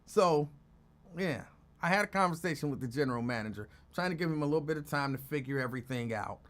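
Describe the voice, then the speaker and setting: A man's voice: fairly high pitch, animated, fast talker. A man hosting his own show, telling rambling stories in a casual chat and laughing often. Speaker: show host.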